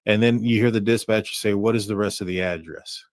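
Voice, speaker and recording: A man hosting a true crime livestream, talking through a case in a halting way with many fillers and restarts. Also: lowish voice, fairly even intonation, dry recording. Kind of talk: casual commentary on a case.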